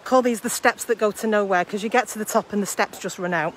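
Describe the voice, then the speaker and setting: A woman's voice: mid-range voice, quick pace. A woman chatting on a live-stream while walking along coastal rocks, laughing often. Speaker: vlogger livestreaming a coastal walk. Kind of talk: casual live-stream walk chat. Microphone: phone held while walking. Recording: light outdoor background noise.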